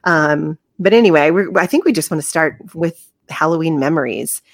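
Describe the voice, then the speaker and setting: A woman's voice: sits low, animated, moderate pace, dry recording, clean studio sound. Chatty woman cohost, lots of ups and downs in her voice, laughs at herself. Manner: chatty, self-deprecating, laughs often. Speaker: podcast co-host. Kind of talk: casual podcast chat.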